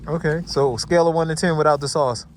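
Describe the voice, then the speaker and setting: A middle-aged man from New Jersey hosting a casual vlog on a handheld phone, lively and chatty, calling his viewers y'all. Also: a little high, quick pace, a little hiss or hum. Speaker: vlogger host. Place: restaurant and parked car. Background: music playing.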